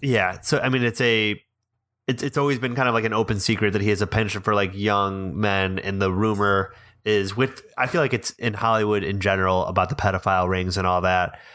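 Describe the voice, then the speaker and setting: A man with a low, bright, forceful voice talks movies in a casual chat. He is blunt and opinionated, and often trails off to rephrase his point mid-sentence. He sounds like a podcast co-host speaking his mind. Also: fairly even intonation, fairly quick. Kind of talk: casual film discussion.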